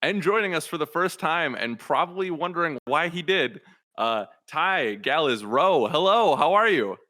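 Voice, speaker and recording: A man hosts a relaxed video game podcast. His voice is bright and forceful, and his pitch moves a lot as he jokes around with the guests. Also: normal speed. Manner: easygoing, lightly joking. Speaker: podcast host. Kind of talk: casual podcast chat.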